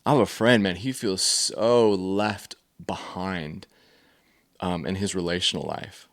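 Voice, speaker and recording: A man's voice: low-pitched, steady tone, takes it slowly. A man giving a casual faith-based teaching on feelings, telling stories in a loose, conversational way with plenty of fillers. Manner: conversational, storytelling with many fillers.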